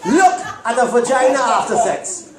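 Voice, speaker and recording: A man's voice: very high-pitched, moderate pace, very noisy. A male stand-up comedian doing a brash, crude set in front of a live audience at a comedy club. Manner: brash, animated, crude punchlines. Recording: echoey club with loud crowd laughter.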